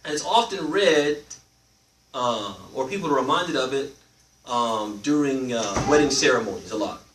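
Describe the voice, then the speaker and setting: A man teaching a live religious class, animated, often asking his listeners questions and letting them answer. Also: medium pitch, moderate pace. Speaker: Islamic teacher. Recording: roomy, from a distance, faint noise.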